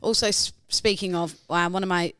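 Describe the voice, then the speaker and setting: A young woman co-hosting a podcast, chatty and teasing, quick to laugh. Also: fairly low pitch, steady tone, fairly bright tone, no echo. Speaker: podcast co-host. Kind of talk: casual chat.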